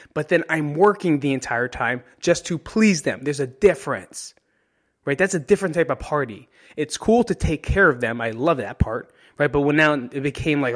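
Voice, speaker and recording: Hosting his podcast alone, a man from New Jersey speaks in a voice on the high side. His monologue is frank and emotional, full of swearing, with "right?" closing out his points.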